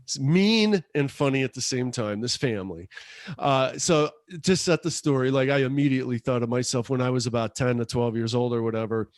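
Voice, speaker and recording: A man's voice: mid-range voice, fairly quick, no room sound. A man in his fifties co-hosts a casual podcast chat, telling loose, rambling stories and chuckling along the way. His voice sits mid-range and is recorded dry and close. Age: 50s. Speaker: podcast co-host.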